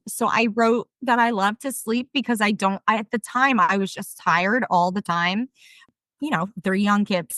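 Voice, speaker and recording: A woman in her thirties with a South Jersey accent, a podcast guest telling stories in an animated, self-deprecating way. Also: mid-range voice, no room sound. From South Jersey, USA. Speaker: podcast guest, game show winner. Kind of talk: casual storytelling interview.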